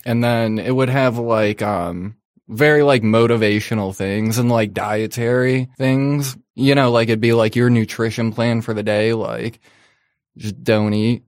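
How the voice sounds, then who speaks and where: A man's voice: mid-range voice, steady tone, unhurried, no room sound, clean studio sound. A man chatting casually and joking on a podcast, rambling loosely with lots of fillers. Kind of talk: casual chat.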